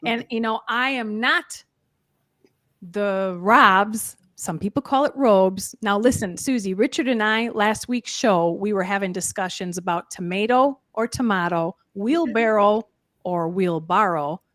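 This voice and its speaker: A woman's voice: mid-range voice, a little slow, fairly bright tone, dry recording. A playful, chatty woman co-hosting a business show. She is recorded dry and close. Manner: chatty, playful, laughs at herself. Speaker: co-host. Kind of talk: casual video podcast talk.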